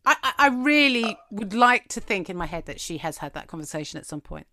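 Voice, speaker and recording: A woman's voice: mid-range voice, very animated, brisk, a crowd in the background. A woman in her thirties, a podcast co-host chatting casually, laughing often and acting out quotes. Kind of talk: casual chat.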